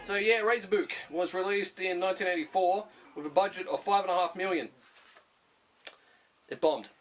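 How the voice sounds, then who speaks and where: A man's voice: high-pitched, normal speed. An Australian man giving a comedic film review, profane, jokey and sarcastic. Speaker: movie reviewer.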